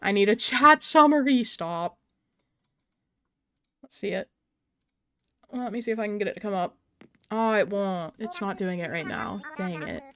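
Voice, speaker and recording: A woman's voice: medium pitch, normal speed, a bit bright, clear, resonant tone. Chatty young woman streaming a game. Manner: chatty, reads and answers viewer chat aloud. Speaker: live-stream host. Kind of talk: casual live-stream chat while gaming.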